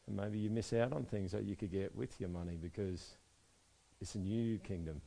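A man preaching a sermon, moving between soft, quiet stretches and loud, emphatic passages. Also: lowish voice, moderate pace, gravelly. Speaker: pastor.

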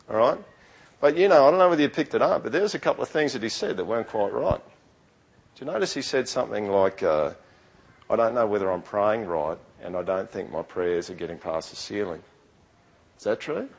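A man's voice: mid-range voice, husky, rough recording. A middle-aged man preaching a sermon in a conversational, earnest way, often restarting his sentences. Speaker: pastor.

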